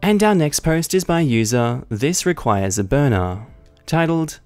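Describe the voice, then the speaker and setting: A man narrating online stories in a scripted, wry, deadpan comic style. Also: a little high, a little slow, clear, resonant tone, no room sound, soft background music. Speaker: story narrator.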